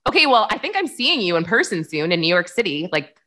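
A woman's voice: lowish voice, big pitch swings, fast, bright, forceful tone. A young woman co-hosting a podcast in casual chat, giggly and full of fillers. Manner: chatty, giggly, many fillers. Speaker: podcast co-host.

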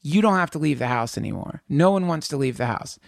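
A man co-hosting a podcast, telling stories in an animated, jokey, emphatic way. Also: a little high, brisk, creaky, no echo, clean studio sound. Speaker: podcast co-host. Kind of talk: casual chat.

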